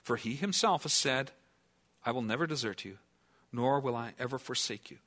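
A man preaching a sermon in an earnest tone, asking his listeners questions and at times dropping to a hushed, near-whispered delivery. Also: medium pitch, moderate pace. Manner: earnest, asks the listeners questions, then drops to a hush. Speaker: pastor.

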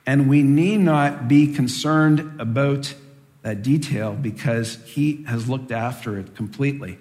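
A man teaching a Bible passage in a measured, deliberate way, posing rhetorical questions and answering them. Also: mid-range voice, in a large hall. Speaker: preacher teaching from Acts.

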